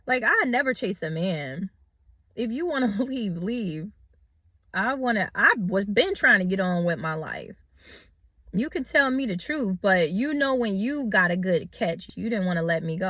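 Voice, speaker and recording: A woman's voice: a little high, pushed and bright, no room sound. A middle-aged woman telling a personal story in a casual storytime style, acting out her own past thoughts.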